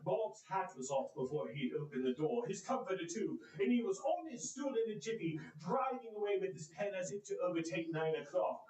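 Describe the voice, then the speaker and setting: A man delivers a theatrical one-man storytelling performance, his voice sitting fairly high and swinging widely as he plays each character. The sound carries the echo of a roomy hall. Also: a little fast, few pauses. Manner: animated, voices characters with big pitch swings. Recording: echoey room.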